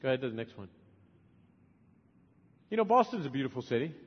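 A man in his forties preaching a sermon as a missionary, emphatic, swinging from loud urging to soft, tender asides. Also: medium pitch, very animated, fast talker, slightly rough. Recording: long hall reverb, dull lo-fi sound.

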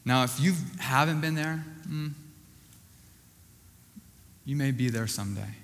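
A man preaching a sermon, emphatic and repetitive, often dropping to a hushed voice at the ends of lines. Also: medium pitch, measured pace, long reverb tail.

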